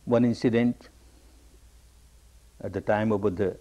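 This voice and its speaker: A man's voice: on the low side, steady tone, unhurried, warm tone, lo-fi sound. Man giving an emphatic spiritual talk. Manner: emphatic, repeats key phrases; storytelling with acted quotes. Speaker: meditation teacher. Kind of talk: spiritual discourse.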